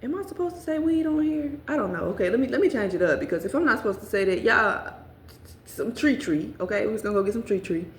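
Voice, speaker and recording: A woman's voice: fairly high pitch, quick pace, slight background noise. A young adult woman telling a casual storytime vlog, swearing freely and addressing her viewers directly. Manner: profane, animated, talks straight to viewers. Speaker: storyteller vlogger. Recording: roomy echo.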